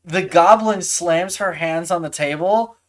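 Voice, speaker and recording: A woman running a tabletop game, narrating in a halting way with frequent restarts. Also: fairly low pitch. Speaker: game master.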